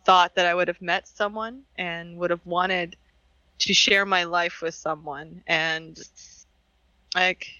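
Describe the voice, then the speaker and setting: A man's voice: high voice, pushed and bright, clear, resonant tone, dry recording, highs cut off. A man on a podcast talking earnestly and sentimentally about the people he is grateful for. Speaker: podcast co-host. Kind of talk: heartfelt casual podcast chat.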